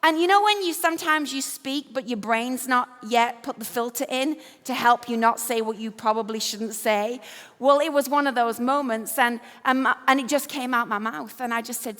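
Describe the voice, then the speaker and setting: A woman's voice: a little high, moderate pace, a bit bright. A woman in her fifties from Yorkshire with an English accent, giving a motivational keynote on an event stage, telling stories with self-deprecating humor. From Yorkshire, England. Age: 50s. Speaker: conference speaker. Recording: echoey hall.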